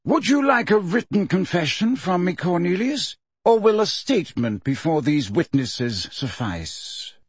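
A man doing a calm wry old wizard. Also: high-pitched, unhurried, few pauses, husky, no room sound, pitched above the performer's own voice, full character voice. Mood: pleasant. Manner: calm, pleasant, gently ironic. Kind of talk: audiobook character reading.

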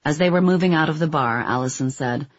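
A man reads nonfiction narration in a steady, measured way, his voice a little husky. The recording is dry and close, with a slightly dull, muffled tone. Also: a little high, dry recording. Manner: even, measured reading; quotes read with little acting. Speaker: audiobook narrator.

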